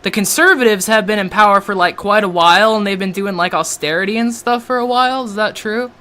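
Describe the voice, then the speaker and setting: A woman's voice: mid-range voice, sharp tone. An American woman hosting a casual online stream, ranting and swearing freely as she talks. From United States. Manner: profane, ranting, quick to rant. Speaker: stream host.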